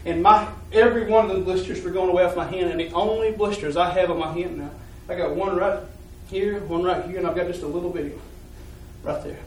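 High-voiced man testifying in an echoey church. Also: fast talker, distant mic, slight background noise. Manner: earnest, rambling storytelling with repeated words. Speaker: church member giving testimony. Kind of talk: personal faith testimony.

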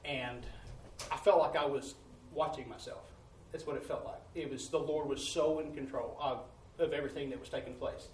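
A man preaching a testimony sermon in a church, telling his story in an animated way and laughing along the way. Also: mid-range voice, normal speed, a little hiss or hum. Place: church sanctuary. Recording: roomy church audio from a distance.

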